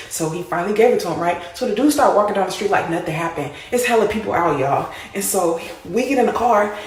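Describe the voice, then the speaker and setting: A woman casually telling a story to her viewers, animated and speaking to them as y'all. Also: mid-range voice, very fast, hardly any pauses. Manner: animated, addresses listeners as y'all. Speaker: storyteller in a played clip. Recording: roomy echo.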